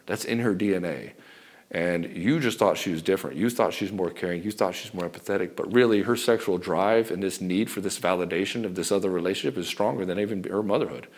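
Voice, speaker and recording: A middle-aged man giving blunt, profane relationship advice straight to camera as a coach. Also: medium pitch. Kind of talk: direct-to-camera advice talk.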